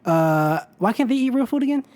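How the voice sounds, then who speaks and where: Animated, teasing young woman. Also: fairly high pitch, a little fast. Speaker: podcast co-host. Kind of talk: casual chat.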